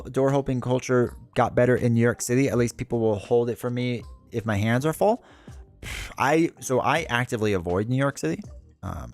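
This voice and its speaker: A man talks loosely and casually to his stream chat, drifting from one story to the next with frequent laughs. His voice sits at an everyday middle pitch, with soft music playing faintly behind him. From United States. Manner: rambling, chatty, laughs often. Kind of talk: casual livestream chat with viewers.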